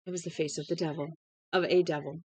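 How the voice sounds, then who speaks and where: A woman's voice: low-pitched, steady tone, quick pace, warm tone, breathy edge, no echo, poor audio. A woman reading a novel aloud steadily, with small slips and restarts now and then. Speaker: audiobook reader.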